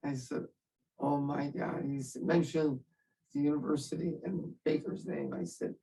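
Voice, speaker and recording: A man's voice: on the high side, fairly even intonation, moderate pace, creaky, warm tone, distant mic, rough recording. An older man, a veteran, telling his story in an interview in a wry, self-mocking way and laughing at himself.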